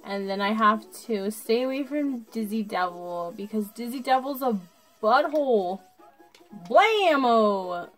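A drunk woman commentating her gameplay casually, swearing and breaking into excitable outbursts while talking to her viewers. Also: on the high side, moderate pace, soft background music. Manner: talks to the viewers. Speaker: gaming channel host.

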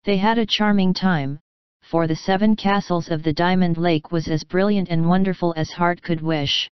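A woman reads a classic novel aloud as a bedtime audiobook, in a calm and even manner. Her voice is lowish and very smooth and clear. It is recorded dry and close, with a slightly dull, lo-fi sound. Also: dry recording. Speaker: audiobook narrator. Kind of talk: scripted storybook narration.

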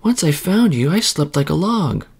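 A man voicing a small, timid, hopeful motherless girl in a storybook read-aloud, with a high, soft, whispery voice. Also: sing-song, normal speed, gravelly, slightly rough, full character voice. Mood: sweet, wondering.

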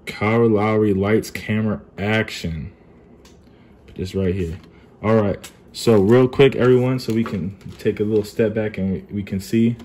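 A young man talking casually while unboxing trading cards at home, keeping his voice low and calling himself monotone. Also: moderate pace, slight background noise. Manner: kept low and subdued, calls himself monotone. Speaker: card collecting YouTuber. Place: apartment at home.

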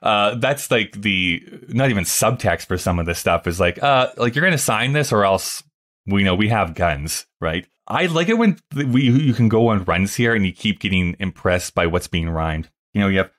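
A man's voice: lowish voice, animated, normal speed, a bit bright. A man hosting a podcast, talking casually with many fillers and reading out song lyrics. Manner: chatty, many fillers, reads lyrics aloud. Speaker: podcast host. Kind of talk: casual discussion.

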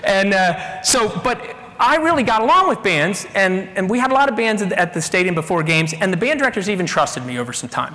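A middle-aged man giving a storytelling keynote talk, animated and bursting into shouted voices of the people in his stories. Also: sits high. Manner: animated, acts out shouting characters mid-story. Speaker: keynote speaker. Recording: echoey hall with long reverb.

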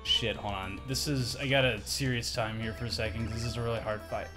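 A young man hosting a let's-play, commenting excitably and swearing often. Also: on the low side, quick pace. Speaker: host playing the game. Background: game music.

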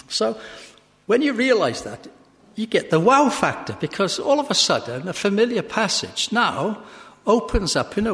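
Man, slightly high voice, thoughtful Bible talk to a group, soft asides and emphatic bursts, long hall echo. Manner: reads scripture aloud with emphasis. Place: hall with a live audience.

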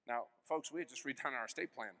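A man's voice: mid-range voice, fast talker, pushed and bright, in a large hall. A man in his forties giving an earnest personal testimony at a conference, acting out the voices of people in his story. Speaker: conference speaker. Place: conference hall.

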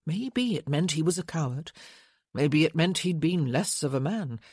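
A woman narrating a romance audiobook in a measured, intimate reading. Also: sits low, animated, a little mellow, husky, dry recording, studio quality. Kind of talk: scripted narration.

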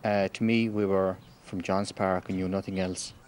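A middle-aged man from Ireland whose first language is Italian, speaking thoughtfully and haltingly in an interview. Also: low-pitched, level tone, a little mellow.

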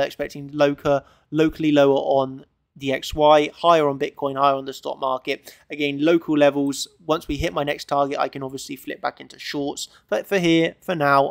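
A man's voice: fairly high pitch, creaky, dry recording. A man giving screen-share chart analysis as a trader, emphatic and repetitive, tagging points with "okay?".

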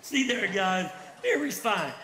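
A man's voice: high-pitched, expressive, a little slow, pushed and bright, heavily acted. A man playing a grumpy loner biker. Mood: grumbling. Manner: gruff, defensive, brushes friends off. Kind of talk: church stage drama. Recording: reverberant hall sound.

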